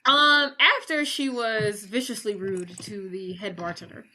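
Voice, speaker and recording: A woman podcast co-host casually recapping a movie plot, animated and full of swearing. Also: medium pitch, a little slow. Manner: animated retelling with acted quotes, swearing.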